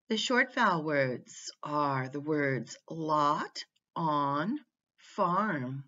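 A woman teaching a phonics lesson, sounding out words one at a time with clear emphasis. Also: low-pitched, expressive, drawn-out words, pushed and bright. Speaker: reading teacher. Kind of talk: slow, deliberate phonics lesson. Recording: muffled lo-fi recording.

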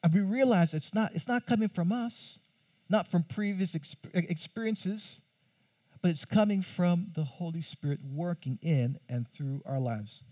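A pastor giving a conversational sermon, asking the congregation questions and adding light humor. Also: male voice, high voice, animated, measured pace, highs cut off. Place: church.

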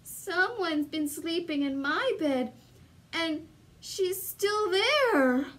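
A woman's voice: very high voice, animated, very slow, a bit bright, pitched above the performer's own voice, exaggerated voice. A woman voicing a small, tearful bear cub in a storybook reading. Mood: whimpering.

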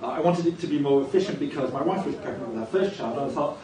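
A man's voice: a little high, lively intonation, quick pace, hardly any pauses, a crowd in the background. A man speaking as a conference organiser in a talk, with wry, self-deprecating humour. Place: conference hall. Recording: echoey hall, distant mic, audience present.

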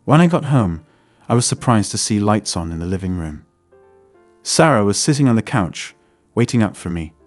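A man narrating a first-person story in a steady, scripted way. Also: fairly low pitch, normal speed, no room sound, faint music behind.

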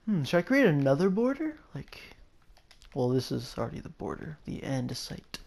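A man's voice: fairly high pitch, big pitch swings, moderate pace, creaky, darkish tone. A young man giving casual gameplay commentary, rambling and musing aloud, often stopping and restarting his sentences. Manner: rambling, musing, self-interrupting. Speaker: gameplay video host.

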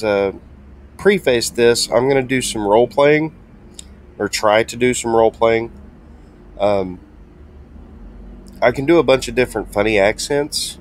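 A man's voice: mid-range voice, unhurried, pauses often. A man hosting a truck game video, talking casually and hesitantly with many ums and restarts. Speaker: gaming channel host. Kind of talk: casual gameplay commentary.

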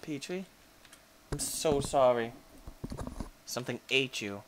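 A man hosting a gaming channel, giving excitable Let's Play commentary and cooing baby talk at his pets. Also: medium pitch, slow pace, a little hiss or hum.

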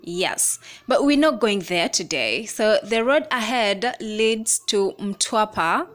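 A woman's voice: medium pitch, slow pace. Chatty Kenyan woman vlogging from a minibus. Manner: chatty, excited tour-guide commentary with casual swearing. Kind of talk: casual travel vlog narration. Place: inside a moving minibus.

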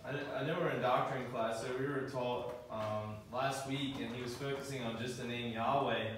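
A man's voice: mid-range voice, steady tone, normal speed. A man speaking up as a student in class, hesitant and restarting as he works out his point. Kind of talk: question from the class. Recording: echoey classroom from far off, noisy.

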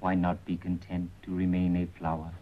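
An actor as a watchful spymaster, low deep voice, formal and measured, muffled old soundtrack. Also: male voice, completely flat delivery, slight background noise, natural voice. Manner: measured, formal, drops articles. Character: calm man speaking in aphorisms, watchful spymaster. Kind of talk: 1930s film acting. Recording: dull 1930s film soundtrack.

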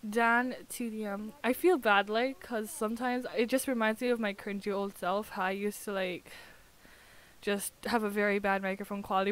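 A young woman streaming live, chatting casually and gushing excitably over another streamer. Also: medium pitch, normal speed, clear, resonant tone, no echo.

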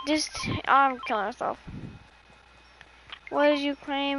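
A young woman chatting excitedly and swearing casually while playing a video game with a friend. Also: high-pitched, takes it slowly, slight background noise, rough recording. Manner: excitable, swears and laughs often. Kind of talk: casual gameplay chat.

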